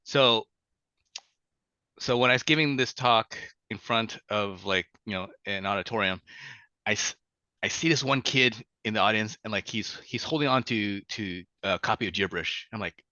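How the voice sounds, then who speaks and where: Halting, bright-voiced man author. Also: lowish voice, no echo. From Vietnam. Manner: halting, many restarts and fillers, laughs easily. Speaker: children's book author, guest. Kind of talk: casual interview conversation. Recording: dull lo-fi sound.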